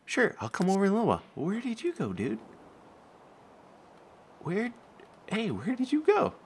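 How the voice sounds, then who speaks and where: A man casually commenting while playing a life-simulation video game, talking to the characters and jumping up in pitch when surprised. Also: wildly swooping pitch, moderate pace, slight background noise. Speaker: gameplay commentator. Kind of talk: casual let's play commentary.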